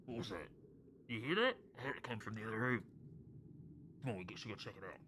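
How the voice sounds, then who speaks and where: A wary male guard speaking low and muffled from behind a door, as a game master puts him on. His voice is hushed and quiet, pitched lower than usual, with the guarded tone of someone who heard a noise. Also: animated, fast, lightly acted.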